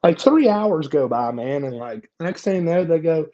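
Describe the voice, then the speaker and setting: Young man, podcast guest, profane self-mocking storyteller, a bit high, mellow tone. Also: expressive, moderate pace, highs cut off. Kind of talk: casual storytelling.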